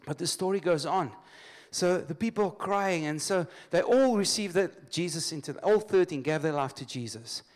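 Lively preacher, higher voice. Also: male voice, normal speed, hardly any pauses. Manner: lively call-and-response, laughs often; storytelling, loose restarts. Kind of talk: sermon. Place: church congregation.

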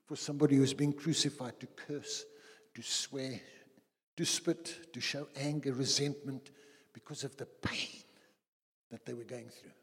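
A male pastor delivers a dramatic sermon, slowing down for solemn quotes and picking up speed in anecdotes. His voice is husky, and a long reverb trails after each phrase in the church hall. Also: medium pitch, fairly bright tone.

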